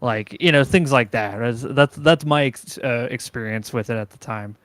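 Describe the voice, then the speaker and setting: Halting man in casual chat. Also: medium pitch, no echo. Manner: halting, filler-heavy, trails off quietly. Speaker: podcast guest.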